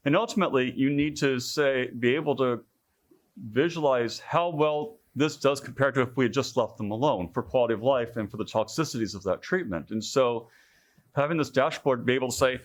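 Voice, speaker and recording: A man making a comment in a scientific workshop discussion, lively and joking, acting out quoted dialogue. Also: medium pitch, brisk. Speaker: workshop participant.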